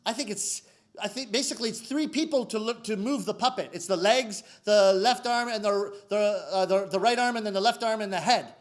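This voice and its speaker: Animated, high-voiced comic storyteller man. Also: a little fast. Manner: animated and theatrical, addresses the audience. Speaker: rakugo storyteller. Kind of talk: live comic storytelling performance.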